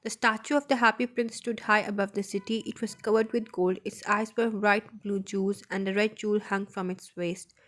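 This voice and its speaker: A woman's voice: medium pitch, little pitch movement, normal speed, few pauses, a bit bright. A woman reading a children's story aloud as a voice-over, carefully and with small slips and restarts.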